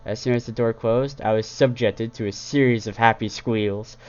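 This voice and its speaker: A man reading a first-person fan story aloud in a plain, even voice. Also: medium pitch, moderate pace, muffled recording. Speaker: fan fiction reader.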